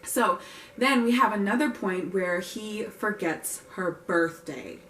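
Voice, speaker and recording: A young woman chats through a film recap, opinionated and full of wry asides. Her voice has a middling pitch and sounds a little distant from the mic, with a roomy echo and a faint hiss underneath. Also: takes it slowly, fairly bright tone. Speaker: vlogger reviewing a film.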